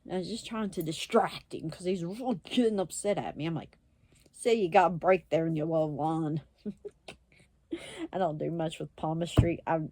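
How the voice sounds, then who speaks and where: Blunt, foul-mouthed woman telling a story; low, dark voice, dry recording. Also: moderate pace, no echo. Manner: blunt, swearing, laughing often, acts out quoted voices. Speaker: self-described witch and medium, vlogger. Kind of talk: casual storytelling to camera.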